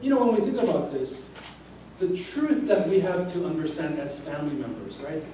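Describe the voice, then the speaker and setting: A middle-aged pastor delivers a sermon, full of family stories in which he acts out what his wife and children say and laughs often. His voice sits high for a man. He is heard from a distance in a very echoey church hall with faint ambience underneath. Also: lively intonation, normal speed, dark tone, a little hiss or hum. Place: church sanctuary.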